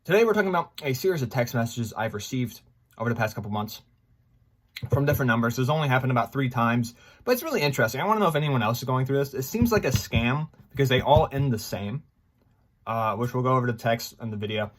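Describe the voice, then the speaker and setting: A man in his twenties talking to his viewers in a casual, rambling vlog, excitable and full of fillers. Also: mid-range voice, fast. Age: 20s. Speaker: gaming YouTuber.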